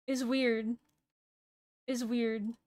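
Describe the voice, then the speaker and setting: High-voiced young woman chatting on stream. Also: flat delivery, extremely slow, darkish tone, dry recording. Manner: swears freely, laughs, self-deprecating. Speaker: VTuber streamer. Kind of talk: casual stream chat.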